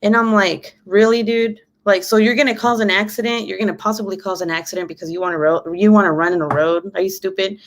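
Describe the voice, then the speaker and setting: A woman vlogger chatting with her live audience, telling a story in a lively way, swearing freely and laughing as she goes. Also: medium pitch, fast, few pauses, a little hiss or hum. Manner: animated, swears freely, many fillers like "you know"; laughs often while talking. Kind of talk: casual storytelling chat.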